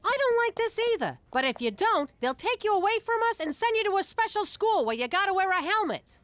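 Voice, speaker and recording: A woman's voice: extremely high pitch, big pitch swings, brisk, fairly bright tone, dry recording, exaggerated voice. A woman voicing a brash, theatrical mob wife and mother with a New York Italian-American accent in a cartoon.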